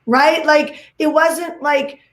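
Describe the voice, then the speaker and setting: Woman guest speaker, high voice, emphatic and repetitive, roomy video-call sound. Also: fairly even intonation, takes it slowly. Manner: emphatic, repeats phrases, many "like"s. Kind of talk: energetic summit talk.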